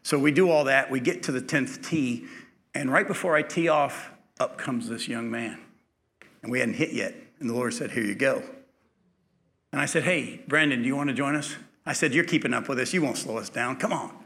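Bright-voiced male preacher telling a story. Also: medium pitch, moderate pace. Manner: conversational storytelling, acting out dialogue, rising to emphatic preaching. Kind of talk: sermon with a personal story.

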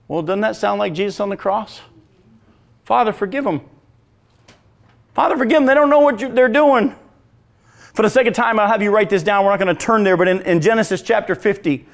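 A man preaching a sermon, moving from hushed, slow retellings to loud, pointed questions for the congregation. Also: high-pitched, creaky. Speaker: pastor.

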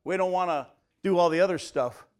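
A man with a slightly high voice leads a Bible study sermon. He moves between reading scripture aloud and plain, conversational explanation, putting questions to his listeners. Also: fairly quick, smooth. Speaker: pastor. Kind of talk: teaching sermon.

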